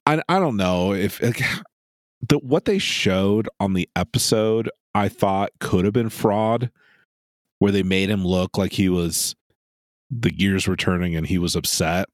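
A man's voice: low-pitched, unhurried, dry recording. A man co-hosting a podcast, recapping an episode in a dry, sardonic way with casual swearing. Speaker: podcast co-host.

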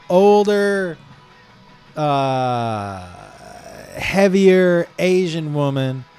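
Rambling comic storyteller, a man. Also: on the high side. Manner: animated, jumping into digressions and voices.

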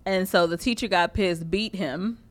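A woman's voice: on the low side, normal speed. A woman co-hosting a casual chat, telling stories with lots of laughter and swearing. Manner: laughing, swearing, animated storytelling. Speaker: podcast co-host.

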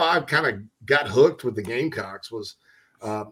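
A man's voice: medium pitch, lively intonation, normal speed, pushed and bright. A man hosting a casual sports talk show, rambling and joking with lots of fillers and restarts. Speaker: sports radio host.

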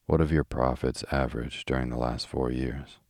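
A man reading the lines of a brisk, decisive American millionaire, curt and matter-of-fact, in a calm audiobook style. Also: extremely low pitch, no room sound, clean studio sound.

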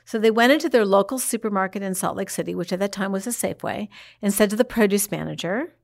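A woman tells a family story with lots of energy. She keeps jumping into the voices of the people she quotes, and her pitch stays in a comfortable middle range. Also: fast, vocal fry. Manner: animated, acts out the quoted people. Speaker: guest telling her mother's story. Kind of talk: lively storytelling in an interview.

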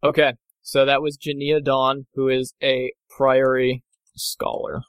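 A man's voice: medium pitch, level tone, a little slow, clear, resonant tone, no echo. Rambling male game master, dry sound. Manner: rambling with many fillers and self-corrections. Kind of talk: narrating a tabletop game.

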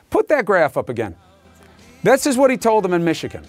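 A man's voice: high voice, very animated, moderate pace, no room sound. A male news anchor delivering an emphatic, sarcastic opinion monologue in a studio.

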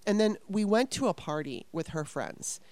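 A woman's voice: mid-range voice, expressive, moderate pace, a little mellow, dry recording. A woman in her fifties telling a story casually, rambling and swearing with exasperation.

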